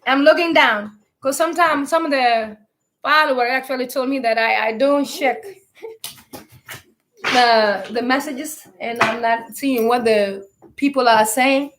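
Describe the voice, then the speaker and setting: A woman's voice: high voice, a little slow, a bit bright. A woman giving a spiritual talk to online followers. She speaks emphatically, piles up rhetorical questions and calls on listeners to answer.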